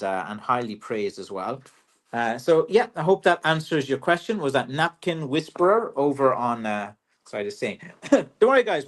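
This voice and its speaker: A man with an Irish accent, a walking stick maker hosting a casual livestream Q&A, chatty and joking with many fillers. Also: a little high.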